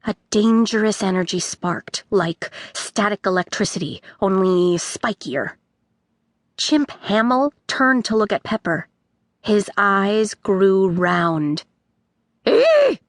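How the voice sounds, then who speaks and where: A woman narrating a children's audiobook with expressive storytelling. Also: mid-range voice, slow pace, dry recording.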